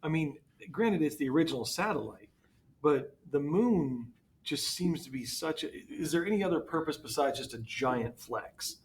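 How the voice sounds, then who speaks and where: A man's voice: a little high, expressive, moderate pace, slight background noise. A man who teaches history, co-hosting a podcast in casual chat with wry, joking asides.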